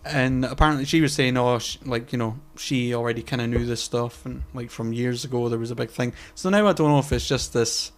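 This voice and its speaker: A man's voice: mid-range voice, brisk, few pauses. Rambling man, casual podcast chat. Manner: rambling, searches for words, swears freely; trails off quietly mid-sentence. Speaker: podcast co-host.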